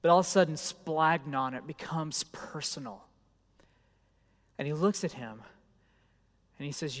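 Male pastor, storytelling sermon, slightly high voice, rises loud then drops hushed; long hall reverb. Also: a little slow, pauses often.

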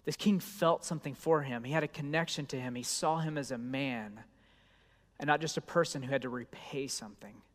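A man preaching a sermon, telling a story in a conversational voice that swings between loud and hushed. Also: medium pitch, brisk, long reverb tail. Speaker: pastor.

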